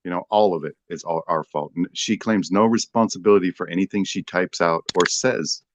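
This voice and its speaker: Man, panel guest, lowish voice, dry sound, sarcastic, mocking. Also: fairly quick, no echo. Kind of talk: casual livestream chat.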